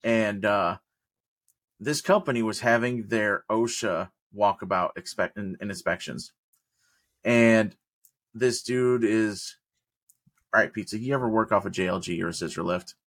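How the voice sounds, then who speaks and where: A man's voice: fairly low pitch, a little slow, dry recording. A man telling a work story in casual podcast chat, swearing freely and acting out what people said. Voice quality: profane, animated storyteller who acts out quotes. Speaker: podcast co-host; work crew boss.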